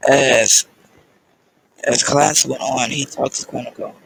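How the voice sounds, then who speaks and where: Gravelly man reading a story. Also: mid-range voice, steady tone, a bit bright, dry recording, poor audio. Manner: halting, with fillers and restarts. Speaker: story reader. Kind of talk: casual fan-fiction reading.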